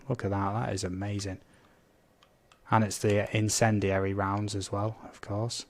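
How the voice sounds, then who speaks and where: Male streamer, slightly low voice, casual running chat over gameplay. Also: darkish tone. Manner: chatty, reads out viewer comments, blurts game sound effects. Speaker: gaming live streamer.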